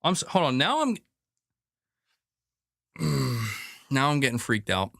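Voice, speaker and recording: A man's voice: mid-range voice, very animated, takes it slowly, gravelly, fairly bright tone, no echo, clean studio sound. A man hosting a gaming news show in casual chat, rambling, exasperated and jokey.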